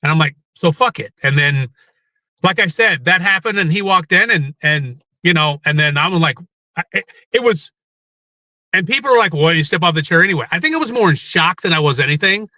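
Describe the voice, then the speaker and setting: A man's voice: high-pitched, lively intonation, normal speed, pushed and bright, no room sound. A middle-aged man speaking as a guest in a candid interview, rambling, emotional and swearing freely.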